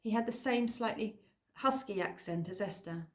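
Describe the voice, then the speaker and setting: A woman narrating an audiobook in an expressive, lively storytelling manner. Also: mid-range voice, moderate pace. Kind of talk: scripted narration.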